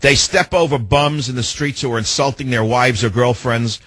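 A man's voice: mid-range voice, fairly even intonation, moderate pace, a bit bright, husky, dry recording. A man hosting a talk radio show, taking callers and lecturing with sarcasm.

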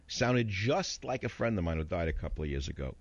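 A man's voice: low voice, big pitch swings, brisk, dry recording, dull audio. A man hosting a talk radio show, combative and mocking as he rants about the news.

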